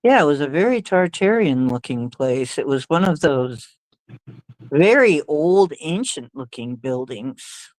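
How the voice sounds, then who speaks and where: A woman's voice: deep voice, big pitch swings, a little slow, darkish tone, no room sound, rough recording. A woman hosting a livestream, telling stories in a rambling, hesitant way with many fillers and little laughs. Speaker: livestream host. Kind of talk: casual storytelling chat.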